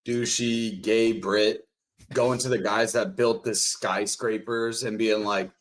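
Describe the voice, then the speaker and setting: A man's voice: fairly low pitch, fairly even intonation, slow. A man ranting profanely in a casual podcast chat. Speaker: podcast co-host.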